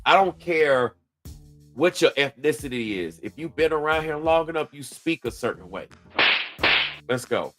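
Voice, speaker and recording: A man's voice: on the high side, expressive, normal speed, over loud music. A man from Georgia, hosting a mocking reaction commentary and talking back to the clip and his chat. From Georgia, USA. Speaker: commentary host. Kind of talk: reaction commentary on a played video.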